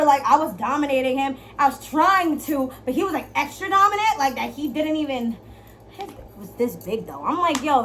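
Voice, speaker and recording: Young woman talking big and crude, high voice, goes loud then quiet, faint room noise. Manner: brash, profane, playful; dramatic swings from loud to hushed. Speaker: vlogger giving dating advice. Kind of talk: casual storytelling monologue.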